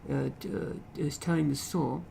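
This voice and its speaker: Male lit teacher, gravelly fry voice, halting, repeats phrases, faint background hiss. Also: on the high side, warm tone, rough recording. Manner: repeats phrases, frequent "okay?" checks, halting restarts. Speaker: literature teacher. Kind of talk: explaining a poem in a lecture.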